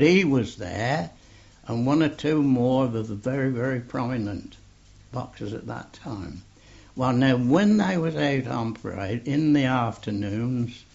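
An older man slowly telling an oral history story, full of fillers and a gravelly voice. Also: mid-range voice, darkish tone. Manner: slow rambling storytelling with many fillers. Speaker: interviewee. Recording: dull lo-fi tape recording.

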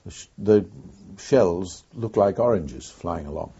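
An older man tells his story in an oral history interview, pausing often and recalling events in an unhurried way. His voice is deep, dark and mellow, and very husky. The recording is dull and lo-fi. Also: lively intonation. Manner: unhurried, reflective storytelling with frequent pauses. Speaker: former wartime pilot interviewee.

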